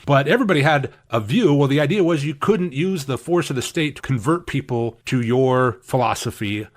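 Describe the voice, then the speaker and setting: A man preaching a sermon as pastor, emphatic, with lively swings in pitch and acted-out quotes of opponents. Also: normal speed. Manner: acts out quoted opponents in voices.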